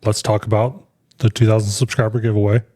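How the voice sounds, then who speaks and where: A man's voice: fairly low pitch, little pitch movement, quick pace, dark tone. A young adult man co-hosting a podcast, telling stories in a rambling way with many fillers and restarts. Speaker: podcast co-host. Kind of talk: casual chat.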